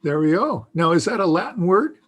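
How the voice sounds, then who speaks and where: A man teaching a beginners' Greek class in a slow, patient, explanatory way, with frequent fillers. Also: high-pitched, very animated, husky. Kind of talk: casual teaching.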